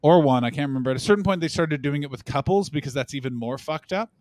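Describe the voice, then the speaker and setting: A man's voice: a little high, quick pace, dry recording. Dry-sounding man rambling through comic stories. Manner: animated rambling storytelling with swearing and quoted voices. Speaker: podcast co-host. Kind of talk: casual comedic chat.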